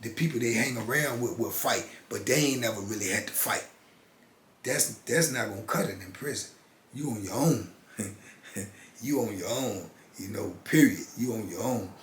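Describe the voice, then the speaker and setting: A man's voice: on the low side, normal speed, fairly bright tone. An older man talking casually and emphatically in street slang, repeating phrases for rhythm, as the host of his channel. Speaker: channel host, former prisoner. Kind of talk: casual storytelling monologue. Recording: echoey room with faint noise.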